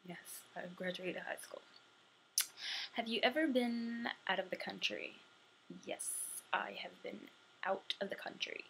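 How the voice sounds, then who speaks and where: A woman's voice: medium pitch, unhurried, gravelly, slight background noise, poor audio. Chatty young woman vlogger. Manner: chatty, drifting between soft murmurs and bright bursts. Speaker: vlogger answering a tag. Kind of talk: casual chat to camera.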